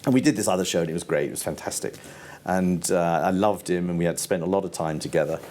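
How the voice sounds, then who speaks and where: A man's voice: deep voice, fast, a little mellow, slight background noise. An older man, a television producer, telling rambling anecdotes on stage and laughing often. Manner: rambling, laughs often, quotes people in voices. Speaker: TV format producer, interview guest.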